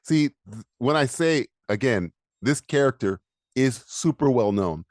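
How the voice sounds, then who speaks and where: A man's voice: medium pitch, lively intonation, measured pace. A man co-hosting a podcast, chatting casually, laughing often and quizzing his friend. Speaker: podcast co-host. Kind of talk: casual chat.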